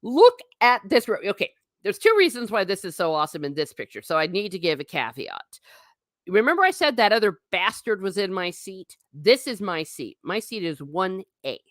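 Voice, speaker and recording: A woman's voice: medium pitch, big pitch swings, moderate pace, no room sound. A woman hosting a casual live stream, chatting irreverently with her viewers, laughing often and swearing mildly. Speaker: vlogger reading live chat.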